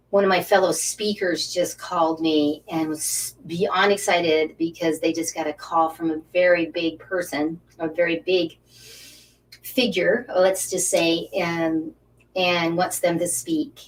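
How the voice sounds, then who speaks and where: A middle-aged woman with a fairly low voice hosts an angel card reading livestream, gushing and halting, often repeating words. She's soft and sometimes breathy, dropping to a whisper when guiding breathing. The mic sounds slightly distant, with faint background hiss.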